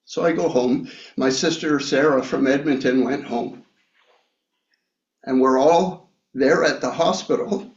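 A man preaching a sermon, reading scripture and sharing a personal story in a reflective way with many pauses and fillers. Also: mid-range voice. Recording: echoey room, slightly dull sound.

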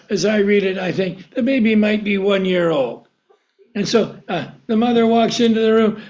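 A man's voice: high voice, dull audio. A male pastor preaching a sermon, posing rhetorical questions and answering them himself.

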